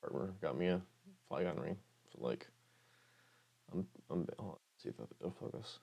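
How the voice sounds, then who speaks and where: A man's voice: sits low, animated, moderate pace, gravelly, dark tone, husky. A young man hosting an ASMR channel, chatting casually about other creators, rambling and hesitant with many fillers, his voice sounding a bit off. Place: room with Pokemon items.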